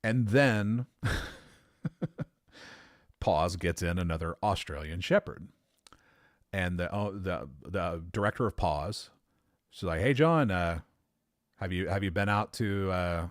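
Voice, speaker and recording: Deep-voiced man rambling through a story. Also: a little slow, long pauses, dry recording, studio quality. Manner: rambling, self-correcting, swears casually, laughs at himself. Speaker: podcast host. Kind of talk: casual storytelling.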